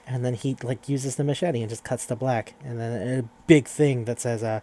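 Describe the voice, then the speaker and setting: A man's voice: medium pitch, fairly even intonation, moderate pace, few pauses, darkish tone. A man hosting a podcast, casually recapping a horror manga in a rambling, profane way with frequent restarts. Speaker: podcast host.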